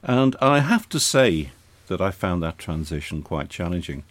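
An older retired air force officer recalls his early years in an interview. His voice is very low and dry in tone, and his telling is anecdotal and gently wry. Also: big pitch swings, normal speed, dry recording. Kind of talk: reminiscing in conversation.

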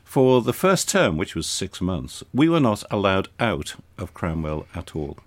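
An older retired air force officer recalls his early years in an interview. His voice is very low and dry in tone, and his telling is anecdotal and gently wry. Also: very animated, a little slow, dry recording. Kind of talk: reminiscing in conversation.

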